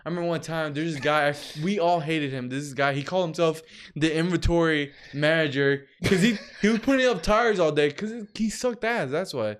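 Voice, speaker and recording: A young man tells work stories in a loose, slangy way, dropping "bro" constantly. His voice sits slightly high for a man. Now and then he breaks into loud, shouted impressions. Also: a little fast. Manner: slangy, laid-back storytelling, says bro a lot. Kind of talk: casual chat.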